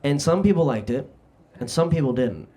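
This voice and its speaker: A young man doing a stand-up comedy set on a club stage, brash and self-deprecating, throwing quick asides at the crowd. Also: mid-range voice, expressive, dark tone. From New Jersey. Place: comedy club stage before a live audience.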